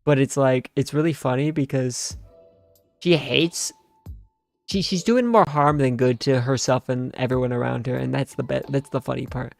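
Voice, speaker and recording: A young man with a gravelly, fry-edged voice, ranting and joking in loose slang. He sounds tired and half asleep, with faint music playing underneath. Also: medium pitch, moderate pace. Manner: rambling, sarcastic, slangy, full of fillers. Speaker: streamer reacting to a game story. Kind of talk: casual rambling commentary.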